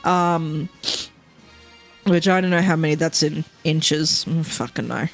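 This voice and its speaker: A woman's voice: deep voice, measured pace, faint music behind. A woman streamer chatting casually while playing a game at home, rambling, swearing often and laughing a lot.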